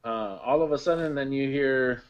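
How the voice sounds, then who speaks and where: A man co-hosting a casual wrestling podcast, excitable and quick to laugh, recapping the show. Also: medium pitch, no echo. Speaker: podcast co-host. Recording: dull dry home mic.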